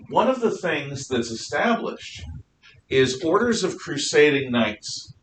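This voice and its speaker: A man's voice: sing-song, takes it slowly, a bit bright. A male history teacher lecturing a class in a casual, jokey storytelling way with asides. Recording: echoey room from far off, faint rumble.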